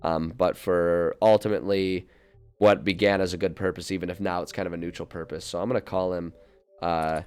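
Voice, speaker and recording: A man's voice: deep voice, fairly quick, clear, resonant tone. A young man streaming, thinking aloud in a casual, rambling way with frequent laughs and filler words into a desk mic. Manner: animated and rambling, laughs often, many fillers. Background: faint music.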